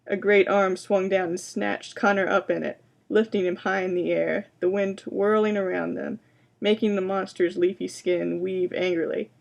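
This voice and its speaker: A woman giving a booktalk presentation, introducing books and reading excerpts aloud in a quiet, measured way. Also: lowish voice, flat delivery, vocal fry. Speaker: library science student presenting books.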